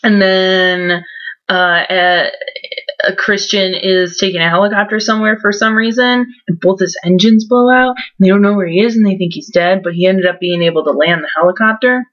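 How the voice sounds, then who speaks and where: A woman's voice: medium pitch, fairly even intonation, moderate pace, fairly bright tone. Sarcastic young woman recapping a book. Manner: mocking, sarcastic, heavy use of "like". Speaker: book reviewer vlogger. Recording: dull lo-fi home recording.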